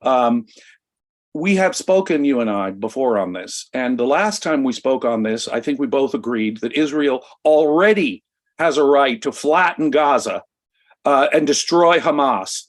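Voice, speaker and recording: A man's voice: medium pitch, lively intonation, measured pace. A man from the United States co-hosting a talk show, giving impassioned political commentary and speaking with emphatic conviction. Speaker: co-host.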